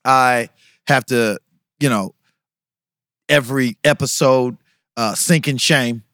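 A man's voice: takes it slowly, fairly bright tone, dry recording. Young male podcast co-host, joking hype-man energy, dry studio sound. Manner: playful, hyped, drops to low mock-solemn tones. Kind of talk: joking casual chat.

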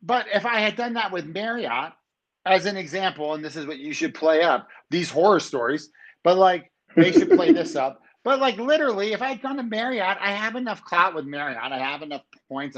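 Guy venting hard on a podcast, fired up, voice a bit on the high side, bounces all over the place. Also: brisk, highs cut off. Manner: animated, ranting, jumps between pitches. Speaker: podcast guest. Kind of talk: casual chat.

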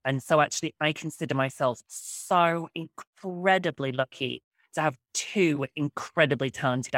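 A woman author telling stories in an enthusiastic, quick interview chat. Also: extremely low pitch, dry recording. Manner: animated, quick storytelling. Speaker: author guest.

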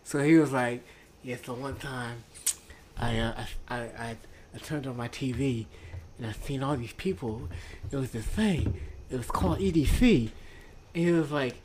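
A man's voice: mid-range voice, moderate pace, pauses often, background noise. A man co-hosting a podcast, casually telling an anecdote and imitating the people in it. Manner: laughing anecdote-telling with impressions of others. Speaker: podcast co-host. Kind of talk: casual chat.

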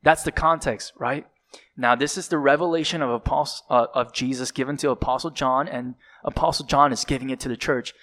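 A man's voice: mid-range voice, steady tone, brisk, fairly bright tone. A man preaching a sermon, building dramatic emphasis and sometimes dropping to a whisper, with occasional fillers and self-corrections.

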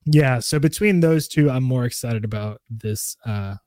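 A man co-hosting a podcast in casual chat, relaxed and enthusiastic, with frequent restarts and trailing phrases. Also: medium pitch, measured pace, dry recording. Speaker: podcast co-host.

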